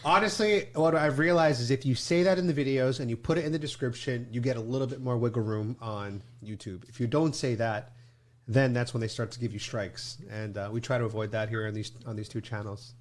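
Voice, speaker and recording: A man co-hosting a casual talk show, tossing in quick joking asides. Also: mid-range voice, steady tone. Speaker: co-host. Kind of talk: casual chat.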